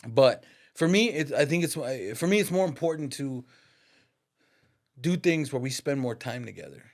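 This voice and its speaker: Barber guy in his 30s, middle pitch, laid-back slangy storytelling, lots of bro and dog. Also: lively intonation, moderate pace. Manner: slangy and profane, peppers talk with "dog" and "bro". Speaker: podcast guest, barber. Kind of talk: casual storytelling.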